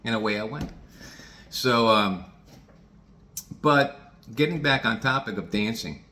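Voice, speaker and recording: A man's voice: lowish voice, unhurried, sharp tone. A man in his sixties telling rambling personal stories to his viewers, folksy and digressive, swearing casually. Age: 60s. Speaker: vlogger.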